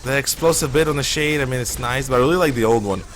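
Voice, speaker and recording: A man's voice: medium pitch, fast, faint music behind. A man streaming a shooter game live, rambling and opinionated as he plays. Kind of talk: casual live gameplay commentary.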